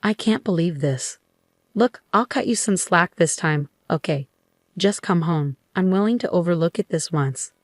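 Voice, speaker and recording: A woman's voice: lowish voice, animated, normal speed, no echo, clean studio sound. A woman reading as a snide, condescending husband. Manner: snide, ranting. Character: scornful condescending husband, adult man.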